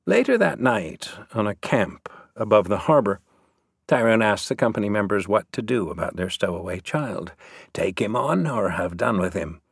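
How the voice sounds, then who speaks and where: A man reading a novel aloud as narrator, lively storytelling. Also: on the low side, moderate pace, creaky, husky, no room sound, clean studio sound. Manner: lively storytelling, voices the characters. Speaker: audiobook narrator. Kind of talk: scripted narration.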